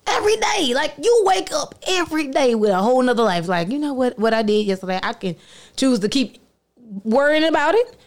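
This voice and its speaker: Black woman chatting, pretty high voice, acts stuff out, laughs a lot. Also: fairly quick. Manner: animated, acts out quotes, laughs often. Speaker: guest musician. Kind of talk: casual chat.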